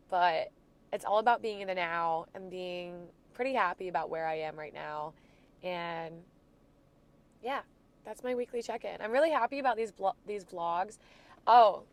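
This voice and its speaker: A woman in her twenties from Florida with a stuffy nose from a cold, talking through a reflective, rambling weekly diary check-in for her vlog. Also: medium pitch. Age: 20s. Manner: reflective, rambling, soft-spoken. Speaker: vlogger.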